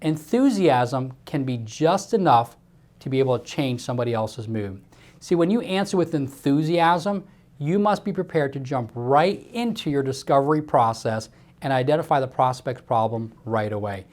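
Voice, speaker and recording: A man's voice: mid-range voice, lively intonation, moderate pace, a little mellow. Man, sales trainer, emphatic coaching delivery with lots of repetition. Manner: emphatic, coaching, drives points home with repetition. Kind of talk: instructional talk to camera.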